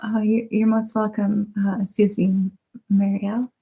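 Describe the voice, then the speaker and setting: A woman hosts a live ASMR stream, reading her viewers' comments one after another. Her voice sits at a medium pitch, soft-spoken and close on binaural microphones. She giggles easily and keeps holding back laughter. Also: little pitch movement, a little slow, gravelly. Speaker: ASMR channel host.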